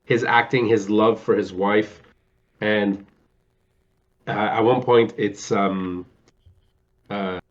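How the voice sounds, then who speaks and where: A man's voice: lowish voice, fairly even intonation, slow pace, pauses often, lo-fi sound. A man co-hosting a casual movie chat, rambling with many fillers and acting out quotes in a theatrical voice. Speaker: podcast co-host.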